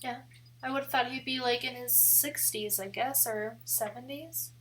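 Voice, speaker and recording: Bright-voiced chatty young woman. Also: a little high, moderate pace, a little hiss or hum. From American Midwest. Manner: chatty and rambling, heavy use of "like", laughs often. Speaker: photography streamer. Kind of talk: casual live-stream chat.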